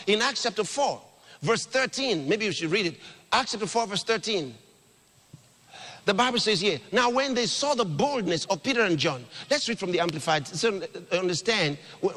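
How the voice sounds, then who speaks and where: A male preacher with a high voice that leaps all over its range. His delivery is bright and forceful, heard with a long hall reverb. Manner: exclamatory, calls on the congregation to repeat scripture. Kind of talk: sermon.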